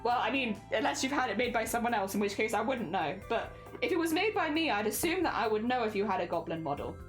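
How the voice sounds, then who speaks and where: A woman's voice: a little high, expressive, quick pace, soft background music. A woman livestreamer chatting casually with viewers while crafting, giggly and rambling, laughing often.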